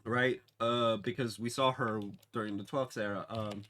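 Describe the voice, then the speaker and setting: A man's voice: medium pitch, steady tone, moderate pace, fairly bright tone. A man casually recapping a TV episode, rambling with many fillers and restarts. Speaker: TV episode reviewer.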